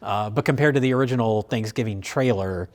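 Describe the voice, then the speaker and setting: A man's voice: on the low side, brisk, darkish tone. Rambling man reviewing films. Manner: rambling, many fillers and restarts, laughs easily. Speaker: film review show host. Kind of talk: casual film review chat.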